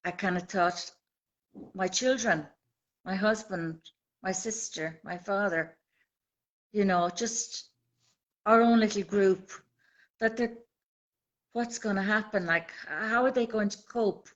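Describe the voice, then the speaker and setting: A woman's voice: medium pitch, takes it slowly, pauses often, dull audio. A woman in her fifties with an Irish accent, a guest on a live video call, talking earnestly about her own experience in repeated rallying phrases. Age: 50s. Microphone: phone held by hand on video call.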